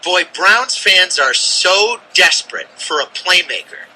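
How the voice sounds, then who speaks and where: A man's voice: high-pitched, very animated, unhurried, pushed and bright, slight background noise, poor audio. A man co-hosting sports talk radio, cutting in with short, wry remarks.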